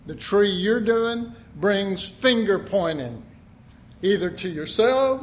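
An older man delivers a folksy, conversational sermon in a high voice. He speaks slowly, leaning hard on drawn-out words for emphasis and slipping into the voices of the people he describes. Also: expressive, a little hiss or hum. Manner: folksy, acts out quotes, drawn-out emphatic phrases. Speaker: preacher.

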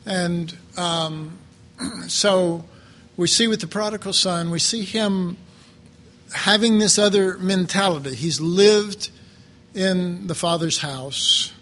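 A man preaching a sermon slowly and reflectively, pausing often and restarting his phrases. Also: high voice, fairly bright tone. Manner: slow, halting, reflective, with many pauses and fillers.

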